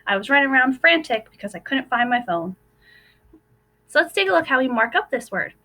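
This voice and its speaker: Young teacher lady, high bright voice, sounding out letters slow for first graders. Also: animated. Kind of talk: recorded phonics lesson for young children.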